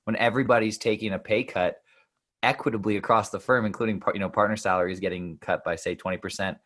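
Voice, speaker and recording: A man's voice: fairly low pitch, steady tone, fast talker, fairly bright tone. A man co-hosting a podcast, a lawyer who chimes in with wry, sarcastic asides. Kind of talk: podcast interview conversation.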